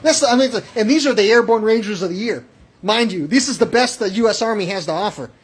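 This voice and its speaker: A man's voice: sits high, lively intonation, fast, slightly rough. A man calling in to a radio show with a rambling, agitated, profane rant that jumps between thoughts and acts out little exchanges. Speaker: caller.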